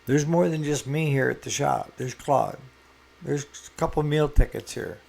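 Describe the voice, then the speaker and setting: A man's voice: medium pitch, normal speed, gravelly, darkish tone. A man who owns a small engine repair shop, talking casually to camera and giving earnest, folksy advice.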